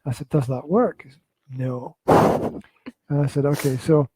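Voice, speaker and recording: A man hosting a casual podcast from his flat, joking, teasing and laughing often. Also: medium pitch, measured pace, breathy edge, no room sound, rough recording. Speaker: podcast host. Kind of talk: casual chat. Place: home flat.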